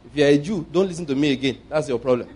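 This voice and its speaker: A man's voice: a little high, very fast, breathy edge. Nigerian man preaching a sermon. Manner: anecdotal, swings between loud emphasis and quiet asides.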